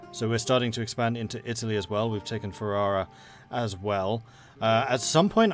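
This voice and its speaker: Speaking at a medium pitch, a man casually comments on a strategy game during a live stream, chatting and thinking aloud with plenty of fillers.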